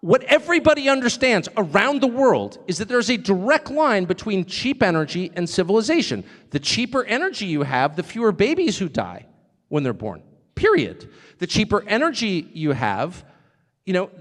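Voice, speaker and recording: Man, high lively voice, sarcastic live speech in a big reverberant hall. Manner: conversational, sarcastic asides, laughs often. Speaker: speaker at a live event.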